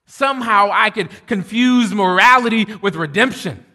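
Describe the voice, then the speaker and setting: Preacher guy, fairly high voice, goes from loud preaching to hushed storytelling. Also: normal speed. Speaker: pastor. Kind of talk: sermon. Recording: long hall reverb.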